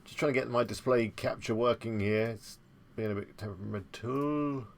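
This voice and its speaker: A man's voice: mid-range voice, fairly even intonation, moderate pace, vocal fry. A man hosting a live stream, chatting with viewers in an easygoing, rambling way. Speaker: livestream host. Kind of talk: casual live-stream chat.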